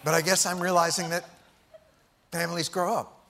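Male host, bright and forceful, mock-tender. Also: high voice, little pitch movement, normal speed, creaky. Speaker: comedy host in a sketch.

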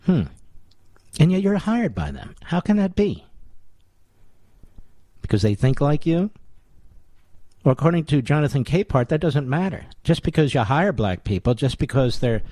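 A man's voice: medium pitch, darkish tone, no room sound. A man hosting a talk radio show, delivering a sarcastic, combative monologue full of scornful rhetorical questions and asides to his producer. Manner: addresses his producer on air.

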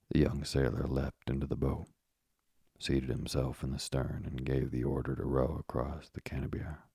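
A man narrating an audiobook in a measured, steady manner. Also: a bass voice, gravelly, breathy edge, no echo, clean studio sound.

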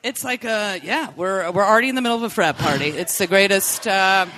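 A woman from Rhode Island co-hosting a live comedy podcast, throwing in quick deadpan quips. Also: medium pitch, a little hiss or hum. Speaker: podcast co-host. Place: live stage before an audience.

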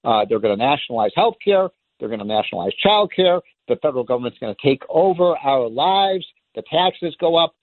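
A man with a fairly high voice delivers an impassioned political monologue as a radio talk host. He is emphatic and sarcastic and drives each point home through repetition. The sound is thin and phone-like, with no room echo. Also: expressive, fairly quick, few pauses. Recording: tinny phone-line sound, dry.

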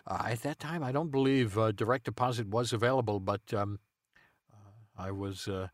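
Rambling deadpan man, dry close sound. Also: on the low side, normal speed, no echo. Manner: rambling, deadpan, many ums and uhs. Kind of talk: improvised comedy chat.

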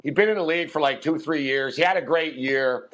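A male podcast host chats about games in a loose, rambling way, full of fillers. His voice sits a little high. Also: brisk, fairly bright tone. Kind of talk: casual sports betting chat.

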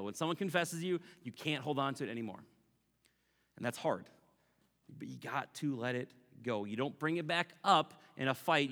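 A male pastor delivering an animated sermon, acting out apologies and slipping in playful asides. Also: fairly high pitch, long reverb tail.

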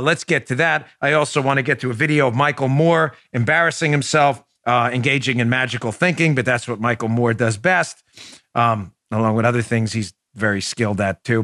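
A man's voice: medium pitch, sharp tone, dry recording, studio quality. A man hosting a political talk show, speaking in an emphatic, sarcastic manner. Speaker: host.

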